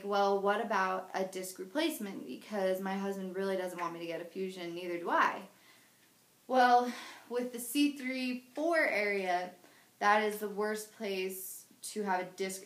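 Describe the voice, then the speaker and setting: A woman's voice: medium pitch, roomy sound, low-quality recording. A woman in her twenties telling her own story in a personal video diary, candid and emotional, rambling with many restarts. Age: 20s. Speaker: patient sharing her surgery story.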